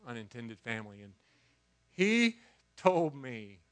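A man preaching a sermon, telling a story with lively swings from quiet asides to loud exclamations and frequent restarts of words. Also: medium pitch, slow.

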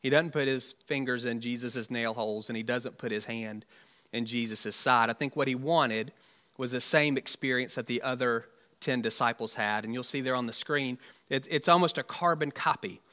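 A man's voice: mid-range voice, moderate pace, sharp tone. A man, a pastor, preaching an Easter sermon in a conversational, musing way with rhetorical asides.

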